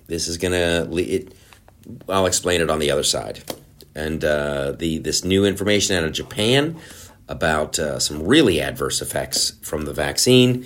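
A man's voice: extremely low pitch, lively intonation, normal speed. A male host rambling through a casual, sarcastic comedic monologue, with many restarts. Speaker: show host.

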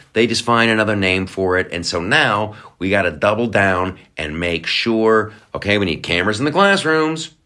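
Lebhafter Mann mit heller Stimme. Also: male voice, lowish voice, moderate pace, hardly any pauses. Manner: animated, profane, mocking. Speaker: podcast host. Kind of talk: ranting comedic commentary.

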